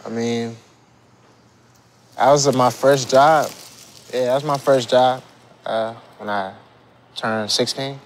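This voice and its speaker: A man casually reminiscing about an old job, laid-back and halting, with laughs. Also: mid-range voice, steady tone, background noise. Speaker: friend recounting a story.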